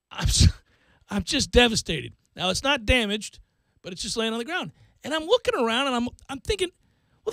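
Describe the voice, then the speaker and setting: A male talk-radio host, telling a long self-mocking story in an animated way. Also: high-pitched, dry recording. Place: radio studio.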